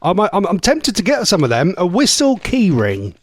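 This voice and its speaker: A man's voice: high-pitched, huge pitch swings, normal speed, slightly rough. A man hosting a live local radio show, chatting casually and rambling with self-mocking asides. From England. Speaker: radio host. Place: radio studio. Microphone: studio mic.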